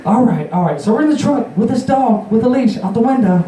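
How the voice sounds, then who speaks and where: A young man performs a meandering, foul-mouthed story live at an open mic in a bar or juke joint, laughing and doing quoted lines in a raised voice. His delivery is animated and brisk, with a crowd audible behind him. The echoey room was captured from a distance.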